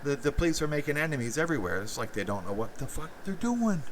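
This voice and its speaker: A man's voice: medium pitch, big pitch swings, fairly quick, hardly any pauses, fairly bright tone, distant mic, a little hiss or hum, low-quality recording. A man hosting a live stream, rambling profanely with many fillers and restarts while reacting to chat.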